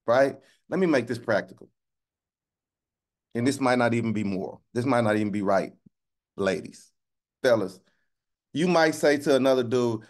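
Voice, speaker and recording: A man preaching a sermon in a colloquial way, asking "right?" again and again and drawing out key phrases slowly for emphasis. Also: mid-range voice. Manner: call-and-response, keeps asking "right?".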